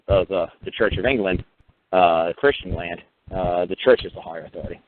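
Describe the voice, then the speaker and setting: Man, radio talk host, profane, animated storyteller, tinny phone audio. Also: low-pitched, a little hiss or hum. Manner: profane, animated storytelling, acting out court exchanges. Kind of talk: casual radio monologue.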